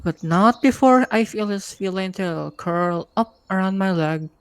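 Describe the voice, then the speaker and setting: A woman hosting a live reading night and narrating a first-person story in a steady, easygoing way. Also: medium pitch, a little slow, clear, resonant tone, no echo. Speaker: host and narrator.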